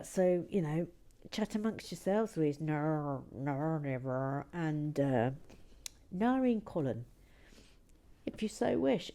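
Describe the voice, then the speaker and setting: A woman hosting a building video, chatting casually and self-mockingly, often dropping into a hushed whisper and stumbling over words. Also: medium pitch. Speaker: host of a brick-building channel. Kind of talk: casual chat while building.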